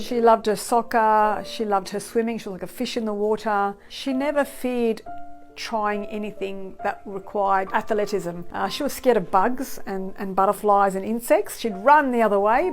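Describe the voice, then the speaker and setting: A middle-aged woman with a mid-pitched voice, speaking softly and haltingly. She pauses often as she recalls events in an interview, with faint music underneath. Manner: soft-spoken, halting, many fillers. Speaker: grieving mother interviewed. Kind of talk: emotional interview testimony.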